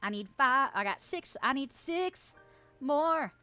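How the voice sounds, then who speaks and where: A woman's voice: high voice, animated, slow pace, pushed and bright, soft background music. A woman streaming a video game, chatting casually with her viewers and swearing often as she plays. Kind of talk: casual gameplay stream chat.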